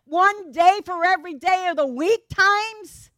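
Woman playing a fretful male apostle, incredulous, high-pitched, slow, drawn out. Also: sharp tone, no echo, studio quality, exaggerated voice. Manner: incredulous, repeated questioning.

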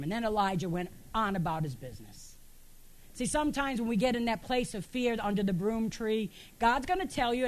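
A woman pastor preaching an emphatic sermon in a church, asking her congregation rhetorical questions. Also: medium pitch.

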